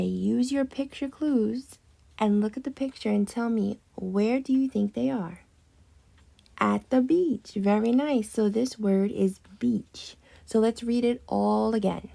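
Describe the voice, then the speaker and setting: A woman teaching an early reading lesson to young children, patient and slow, drawing out words as she models them. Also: a little high, gravelly, mellow.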